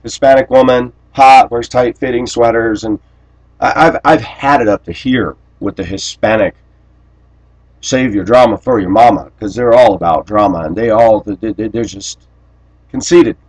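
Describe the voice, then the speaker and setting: A man delivering a rambling personal monologue to camera, blunt and aggrieved, often clearing his throat. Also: mid-range voice, moderate pace, darkish tone, poor audio. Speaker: vlogger.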